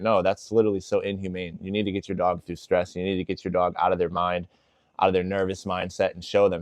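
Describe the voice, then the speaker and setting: A man with a fairly low voice talks through dog-training tips in an easygoing, filler-heavy way. The sound is dry and close, with no room echo. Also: little pitch movement, fast talker. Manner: casual, filler-heavy, with lots of "like" and "you know". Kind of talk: casual instructional talk.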